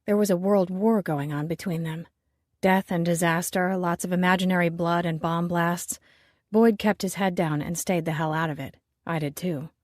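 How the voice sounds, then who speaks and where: A woman narrating a romance audiobook in the first person, with measured, wry storytelling. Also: fairly low pitch, darkish tone, no echo, studio quality.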